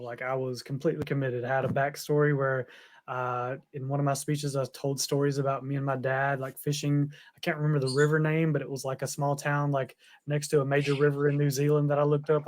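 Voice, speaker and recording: A man's voice: mid-range voice, steady tone, brisk, a little mellow. A young man chats casually on a podcast. His voice sits in a middle range, and he rambles, padding his talk with fillers. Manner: rambling, filler-heavy, with frequent "like". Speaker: podcast co-host. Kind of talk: casual chat.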